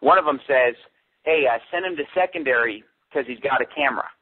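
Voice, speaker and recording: A pastor as a radio interview guest, telling a story in an animated way and quoting the people he met. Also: medium pitch, fairly quick. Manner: animated storytelling with quoted dialogue. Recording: tinny phone line.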